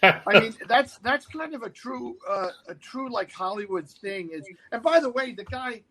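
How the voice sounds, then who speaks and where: A man in his fifties tells a long, lively anecdote in casual talk. His voice sits high and sounds bright and forceful. He keeps jumping into quick impressions of the people in the story. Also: low-quality recording. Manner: animated anecdote-teller who slips into quoted voices. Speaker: guest actor.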